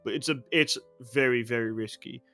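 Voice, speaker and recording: Bright-voiced male esports caster. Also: mid-range voice, fairly quick, soft background music. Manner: energetic, rises loud during action. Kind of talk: play-by-play esports commentary.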